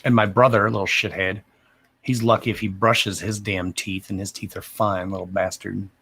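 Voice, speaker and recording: A man's voice: on the low side, flat delivery, moderate pace, bright, forceful tone, breathy edge. A man, mumbling as he chats casually and profanely on a livestream as a card reader. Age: 30s. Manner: profane, rambling and self-deprecating.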